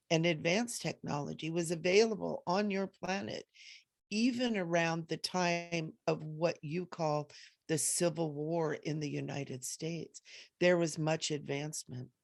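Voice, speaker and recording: A benevolent archangel speaks through a woman in a spiritual channeling session. The delivery is slow, solemn and soothing, with a slightly gravelly texture. The sound is close and dry. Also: sits low, dry recording. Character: benevolent male archangel offering help and blessings.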